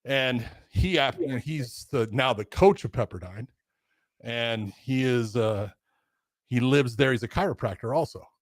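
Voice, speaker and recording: An older man co-hosting a podcast who tells stories in a casual, animated way, swearing now and then and acting out the voices of the people he quotes. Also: medium pitch, measured pace, dry recording, studio quality. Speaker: podcast co-host, former referee. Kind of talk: casual storytelling chat.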